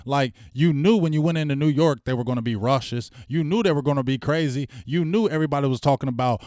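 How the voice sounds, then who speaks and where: A man's voice: mid-range voice, quick pace, few pauses, a little mellow, no room sound, clean studio sound. A middle-aged man hosting a sports fan show, ranting bluntly and heatedly in slangy casual speech. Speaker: sports talk host. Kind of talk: fan rant commentary.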